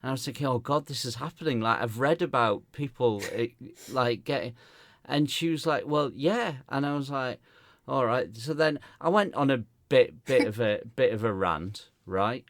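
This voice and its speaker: A Gateshead man from northeast England, a comedian co-hosting a podcast, chats casually through a story about a gig, acting out quoted people and laughing often. His mid-range voice moves at a moderate pace with hardly any pauses. It's studio quality, with no echo.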